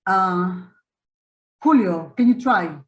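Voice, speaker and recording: A woman in her 50s, an English teacher hosting an online teaching webinar, speaks in a medium-pitched voice with lively intonation. Patient and demonstrative, she slowly repeats and models vowel sounds. The video-call audio is reverberant, dull, and lo-fi.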